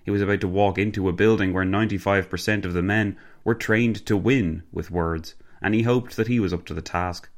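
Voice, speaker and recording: A man narrating a historical story in measured storytelling tones. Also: low voice, fairly even intonation. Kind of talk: scripted narration.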